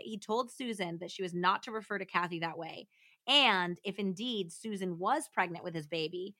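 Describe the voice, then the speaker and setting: In a clean, echo-free studio recording, a woman podcast host reads a true crime account aloud, acting out the quoted lines before breaking off to chat and joke. Her pitch is medium and a bit bright.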